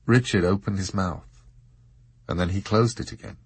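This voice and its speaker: A man reading a novel aloud as an audiobook narrator, telling the story in an expressive, unhurried way. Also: low-pitched, creaky, slightly rough, no room sound. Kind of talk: scripted narration.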